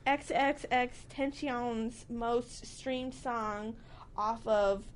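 A woman's voice: fairly high pitch, fairly even intonation, drawn-out words, a little hiss or hum. A young woman hosting a casual trivia chat, giggly and chatty, often tripping over names. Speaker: host.

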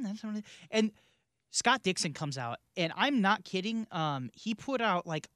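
A man co-hosting a relaxed podcast, talking loosely and laughing easily as he goes. His voice sits a little high. The sound is close and dry. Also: unhurried, no echo. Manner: chatty, laughs often, trails off and restarts. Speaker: podcast co-host. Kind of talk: casual chat.

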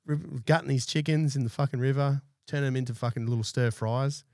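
A man's voice: medium pitch, steady tone, brisk, darkish tone, dry recording, studio quality. A man in his thirties with an Australian accent, an army veteran telling war stories in a podcast interview, blunt and full of swearing. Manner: blunt and heavily profane, laid-back anecdotes. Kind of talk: casual storytelling interview. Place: small studio.

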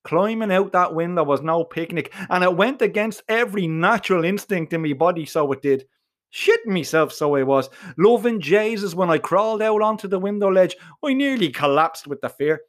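A man with an Irish accent telling a comic first-person story in a profane, colloquial and animated way. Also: high-pitched, normal speed. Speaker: narrator.

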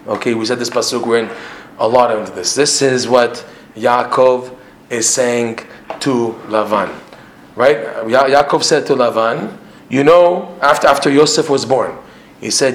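Man, religious class teacher, animated, rhetorical questions, echoey room, faint background hum. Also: mid-range voice, moderate pace. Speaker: Torah teacher.

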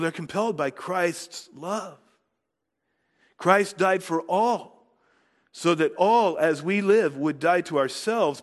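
A man preaching a sermon as pastor, earnest, building force on key words and dropping soft at phrase ends. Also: a little high, big-room sound.

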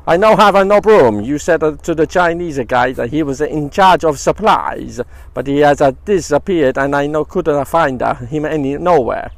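A man putting on the voice of an indignant Italian laborer who speaks halting, broken English in a joke. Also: on the high side, no echo, lightly acted. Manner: halting, clumsy grammar, loud.

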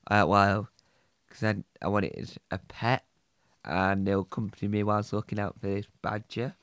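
A man, narrating and acting the lead in a homemade comedy, in an earnest, slightly halting way. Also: fairly low pitch, flat delivery, a bit bright, clear, resonant tone, dry recording, studio quality.

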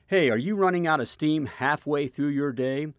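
An energetic male host talks straight to his viewers on a live show. His voice sits a little high for a man and sounds close and dry, with no room echo. He keeps it loose and chatty, checking in with the audience every few lines. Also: moderate pace. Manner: energetic and chatty, often asks "all right?". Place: home studio.

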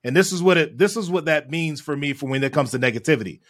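A man telling a childhood story in a podcast chat, animated and often tagging his sentences with "right?". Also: fairly high pitch, fast talker. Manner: animated storyteller, frequent "right?" tag questions. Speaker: guest.

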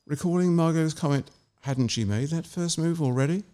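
A man, an author, reading his short story and then telling measured anecdotes in an interview. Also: on the high side, dark tone. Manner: measured and anecdotal, with small restarts.

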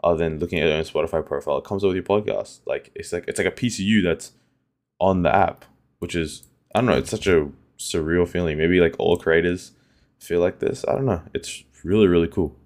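Deep-voiced young man rambling casually. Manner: rambling, lots of "like" and restarts. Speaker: podcast host. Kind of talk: casual solo podcast chat.

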